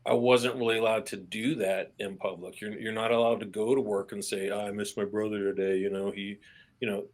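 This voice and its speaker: A man with a fairly low voice speaks as a guest in a candid podcast interview. He talks in an earnest, plain-spoken way, swears casually, and restarts his phrases when pressing a point. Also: fairly even intonation, fairly quick. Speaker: army veteran guest.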